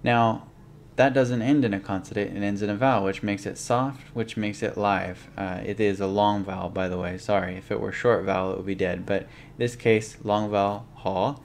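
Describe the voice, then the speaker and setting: A man with a fairly low voice talks through a lesson, patient and methodical, stopping to spell out each example. A faint hum sits under the recording. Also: fairly even intonation, moderate pace, vocal fry. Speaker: language teacher. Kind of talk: explanatory lesson narration.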